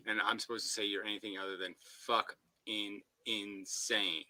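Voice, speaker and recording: A man's voice: lowish voice, steady tone, normal speed, hardly any pauses, bright, forceful tone, no echo, poor audio. A man ranting in combative philosophical commentary, profane and abrasive, close to a home mic. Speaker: commentator reacting to a debate.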